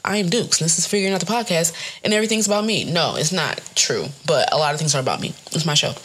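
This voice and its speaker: Young woman podcast host, lowish gravelly voice, animated storytelling. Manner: animated storytelling, swearing, laughing. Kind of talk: casual solo podcast talk.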